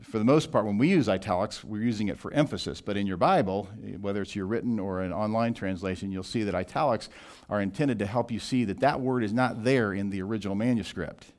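A pastor giving an expository sermon in a deliberate teaching manner, slowing down to read scripture. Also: male voice, fairly low pitch, a little mellow.

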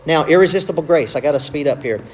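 A man teaching a church class, conversational and quick to joke at his own slips. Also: fairly high pitch. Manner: conversational, self-interrupting with humor.

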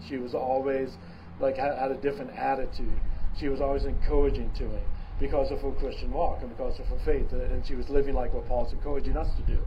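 Man preaching a lively, emphatic sermon. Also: medium pitch. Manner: emphatic preaching with big swings in loudness; conversational with fillers and restarts. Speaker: pastor. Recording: dull lo-fi sound with clear background noise.

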